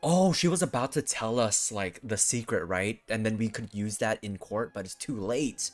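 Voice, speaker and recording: A man streaming a game, reacting in an excitable, chatty way and greeting and thanking his chat. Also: fairly low pitch, moderate pace, soft background music. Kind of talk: casual live-stream reaction.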